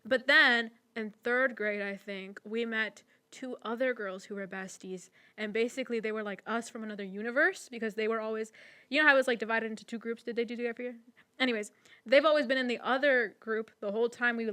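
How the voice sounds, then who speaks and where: A woman's voice: a little high, fairly even intonation, a little fast, pushed and bright, no room sound. A young woman co-hosting a podcast, rambling through stories in casual chat with lots of "like" and "um". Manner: chatty, rambling, full of "like" and "um". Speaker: podcast co-host.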